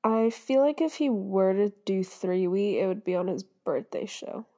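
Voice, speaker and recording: A woman's voice: medium pitch, lively intonation, moderate pace, dark tone. A young woman co-hosting a casual fan podcast, gushing and squealing and laughing often. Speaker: podcast co-host.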